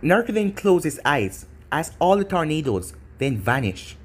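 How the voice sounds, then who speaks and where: A man's voice: a little high, sing-song, normal speed, breathy edge. A man reading fan fiction aloud as narrator, in plain run-on narration. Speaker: story narrator. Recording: faint music behind.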